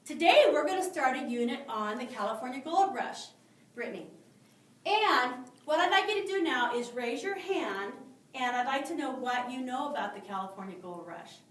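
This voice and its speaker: A woman's voice: high voice, lively intonation, moderate pace, a bit bright. Woman playing a schoolteacher addressing her class. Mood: projecting. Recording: roomy, mic at a distance.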